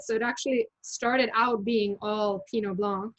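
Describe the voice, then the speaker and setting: Woman, mid pitch, chatty tasting host, lots of ums, relaxed explaining. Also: normal speed, low-quality recording. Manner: chatty, many fillers and self-corrections. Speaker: winery representative leading a tasting. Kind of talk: casual presentation on a video call.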